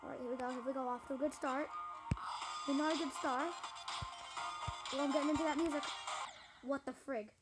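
A woman's voice: sits high, fairly even intonation, brisk, long pauses, poor audio. A young woman giving gameplay commentary, frustrated and exclamatory, talking to her viewers. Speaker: gaming YouTuber. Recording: game music playing loudly. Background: loud game music.

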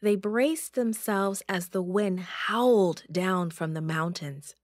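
A woman's voice: medium pitch, slow pace, dry recording, clean studio sound. A woman reading a Bible story aloud over a video call, lifting her voice for dramatic moments.

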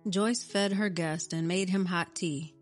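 A woman narrates a scripted story in a steady, even manner. Her voice sits on the low side, and soft music plays faintly underneath. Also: a little slow.

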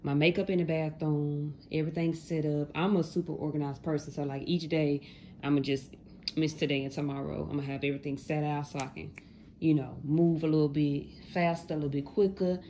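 This is a woman in her late twenties talking casually to her viewers, full of folksy slang. Her voice sits low and has a gravelly, fry-heavy texture. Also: little pitch movement, brisk, dark tone, a little hiss or hum. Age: late 20s. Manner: chatty, talks straight to viewers, folksy slang. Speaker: vlogger.

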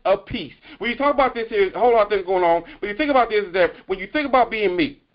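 A man preaching a sermon, halting with frequent restarts and slowing down to stress key points. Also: sits high, animated, lo-fi sound, faint music behind. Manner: halting with repeated restarts, slows for emphasis. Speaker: pastor.

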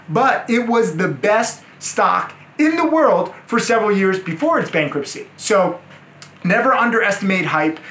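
A man's voice: high voice, fairly bright tone, reverberant. A man teaching trading to a room of people, emphatic and repeating words for stress. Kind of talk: lecture-style talk to a room. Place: room with a live audience.

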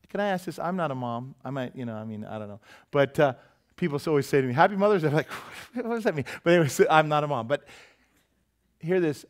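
A man preaching a sermon as pastor, in a lively, joking and emphatic way. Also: on the high side.

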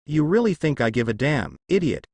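A man's voice: a little high, sing-song, moderate pace, darkish tone, dry recording. A man doing a cocky young ninja. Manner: brash, smug.

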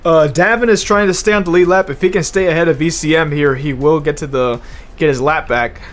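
A young man giving live commentary on an online racing league while driving in it himself, casual and profane, loud and excited at big moments. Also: a little high, fairly quick. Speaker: race commentator and streamer. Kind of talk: live esports race commentary.

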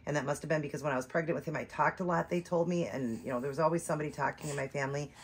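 A reborn doll vlogger in her forties chats casually with viewers, telling a long, rambling story. She speaks rapid-fire in a low-pitched voice with a breathy edge.

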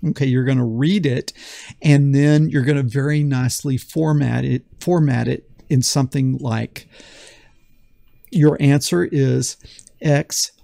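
A man's voice: mid-range voice, steady tone, unhurried, creaky, dark tone, no room sound, studio quality. A man teaching a beginner programming lesson in a folksy, enthusiastic way, often repeating phrases for emphasis. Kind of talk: screen-recorded coding lesson.

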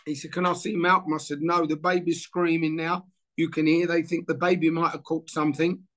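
Man in his sixties, higher-pitched voice, animated storyteller. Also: brisk. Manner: animated storyteller acting out dialogue. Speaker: former footballer interviewee. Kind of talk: casual anecdote telling.

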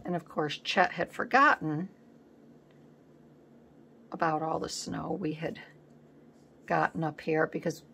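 Woman, collage artist host, casual crafting chat, thinks aloud, rambling, soft murmurs, gravelly voice. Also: sits low, fairly even intonation, slow pace, long pauses, a little hiss or hum.

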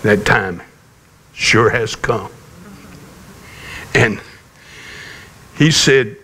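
A man preaching a sermon, telling a personal story in a folksy, gently humorous way. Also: fairly low pitch, extremely slow, pauses often, a little hiss or hum. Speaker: pastor.

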